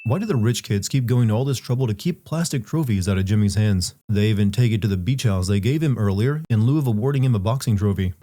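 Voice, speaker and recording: A man's voice: lowish voice, fast talker, few pauses, mellow. A man reading sarcastic, mocking scripted commentary on a video game. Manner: snarky, mocking.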